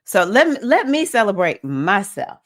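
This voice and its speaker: A woman's voice: mid-range voice, very animated, normal speed. A woman hosting a casual livestream chat, enthusiastically cheering on viewers and reading their comments aloud. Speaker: livestream host.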